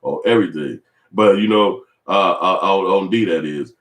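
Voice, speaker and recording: A man's voice: deep voice, moderate pace, a bit bright. A man giving casual, profane, rambling commentary as a vlogger. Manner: profane, rambling, acts out other people's voices. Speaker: vlogger commenting on celebrity feud. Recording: roomy echo.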